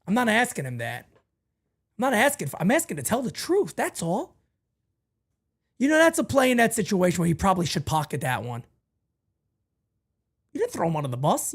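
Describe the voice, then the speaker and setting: A male host of a fan show, emotional and ranting, swinging from low muttering to shouting. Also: wildly swooping pitch, moderate pace, pauses often, slightly rough.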